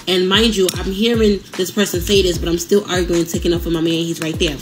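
A young adult woman hosting a podcast, telling a personal relationship story in a casual, animated way with asides to listeners. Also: fairly low pitch, fairly quick, few pauses, music in the background. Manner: animated, conversational, many fillers and asides to listeners.

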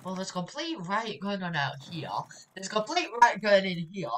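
A woman's voice: medium pitch, very animated, normal speed, a little hiss or hum. A young woman commentating her own gameplay, chatty and given to sudden screams. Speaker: gaming YouTuber.

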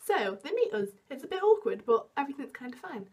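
Young woman, high-pitched, casual vlogger who tells stories with lots of "like" and animated quoted voices. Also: fast. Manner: chatty, self-mocking, full of "like" fillers; acts out quotes with big jumps in pitch. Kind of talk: storytime chat to camera.

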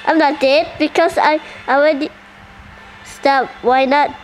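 A woman giving casual gameplay commentary, excitable and full of surprised questions. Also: high-pitched, measured pace, soft background music, poor audio. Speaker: gaming channel host.

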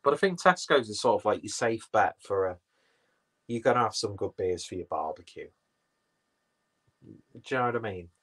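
Reading comments from viewers, a livestream host rambles in casual chat, cursing and mocking himself along the way. He speaks at normal speed in a lowish, fairly bright voice with lively intonation and frequent pauses.

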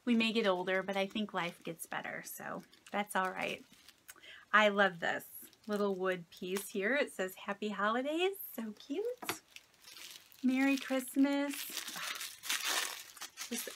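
Opening friends' gifts on her casual craft vlog, a woman in her late thirties thanks each sender in a soft-spoken, delighted, gushing way. She talks at a measured pace in a medium-pitched voice, with slight background noise.

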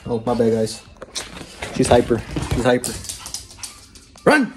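A man's voice: medium pitch, big pitch swings, slow pace, background noise. A young man casually vlogging at home on a phone, hyped and playful, chatting to his dog. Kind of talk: casual vlog. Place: at home, indoors.

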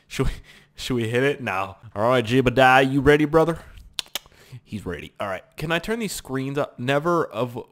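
A man giving casual gameplay commentary as a YouTuber, rambling and self-mocking, with swearing and sudden excited outbursts. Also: medium pitch. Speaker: gaming YouTuber.

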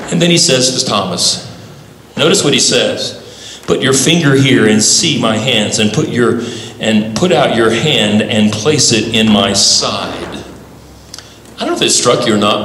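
A man's voice: medium pitch, slight background noise. Man preaching in an echoey church hall. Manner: builds to loud emphatic preaching, pauses between short phrases. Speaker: pastor. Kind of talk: sermon. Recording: echoey hall with long reverb.

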